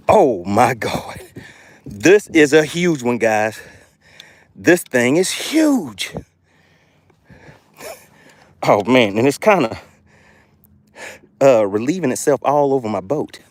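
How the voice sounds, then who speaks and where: A man hosting a live fishing stream from his boat, excitable, out of breath and constantly calling out to viewers. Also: mid-range voice, measured pace, pauses often, no room sound. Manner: excitable, keeps exclaiming and addressing viewers as guys. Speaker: fishing channel host.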